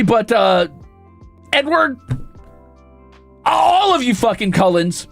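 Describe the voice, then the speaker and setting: A man streaming, ranting indignantly and profanely, often breaking into shouts. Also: very high voice, creaky. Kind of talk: casual stream rant.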